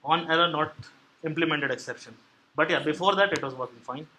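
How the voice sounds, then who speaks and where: Bright-voiced man giving a technical talk. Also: a little high, a little hiss or hum, rough recording. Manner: explanatory, halting with frequent fillers and restarts. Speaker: meetup speaker on Android programming. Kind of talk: live technical talk with audience questions. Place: meeting room at a tech meetup.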